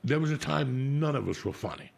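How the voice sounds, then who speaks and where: Gravelly, husky profane storyteller man. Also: medium pitch, expressive, fairly quick, darkish tone. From New Jersey. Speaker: podcast host. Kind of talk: casual storytelling chat.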